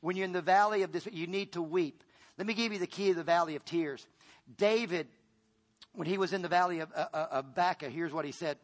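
A man with a fairly high voice preaches fairly quickly, his delivery moving from loud, pressing statements to hushed ones. Fully in pastor mode, he repeats himself and restarts phrases.

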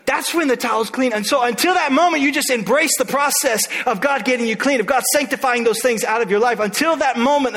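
A man's voice: extremely high pitch, fairly bright tone, long reverb tail. A man preaching a sermon in church, energetically calling out to the congregation. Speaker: pastor.

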